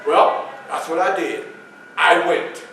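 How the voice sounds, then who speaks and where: Guy doing first-person history storytelling, fairly high voice, big echoey room, mic far off. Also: fairly even intonation, slow pace, gravelly, fairly bright tone, a little hiss or hum. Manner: folksy, conversational storytelling. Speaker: historical reenactor. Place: library event room.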